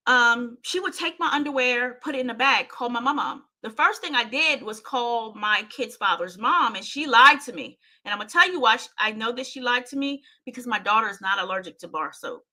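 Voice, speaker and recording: Woman, host, emotional personal storytelling, intense, repetitive, bright tone. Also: a little high, expressive, fairly quick, hardly any pauses. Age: adult parent. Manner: intense, repeats herself, speaks straight to listeners. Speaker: host telling her own story.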